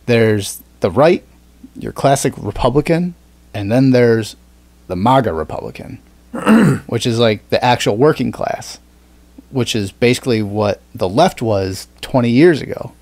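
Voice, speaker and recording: A podcast host chats casually in a lowish, slightly mellow voice recorded with no room sound. He rambles, swears often, and fills his speech with fillers and restarts.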